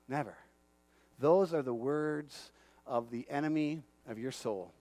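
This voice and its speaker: A man preaching a sermon, animated and calling out to the congregation for responses. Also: mid-range voice, unhurried, dry recording.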